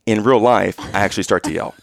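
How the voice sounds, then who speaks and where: A young man co-hosting a casual chat, telling a story in a lively, animated way and acting out his own yells. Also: lowish voice, fast, gravelly, no room sound, clean studio sound.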